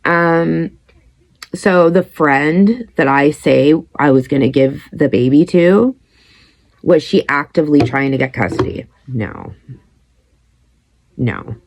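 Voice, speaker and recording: A woman's voice: deep voice, slow, vocal fry, long pauses. A woman, likely in her thirties, telling her own story bluntly with lots of swearing and acted-out quotes. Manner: blunt, heavy swearing, animated quoting. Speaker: podcast host. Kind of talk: candid personal storytelling.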